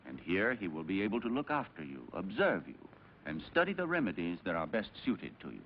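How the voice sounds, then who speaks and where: A patronizing aristocratic husband. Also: male voice, sits low, sing-song, a little fast, slight background noise. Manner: smooth, soothing and patronizing. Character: calm, controlling aristocratic husband. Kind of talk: dubbed 1960s film dialogue. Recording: dull old film soundtrack.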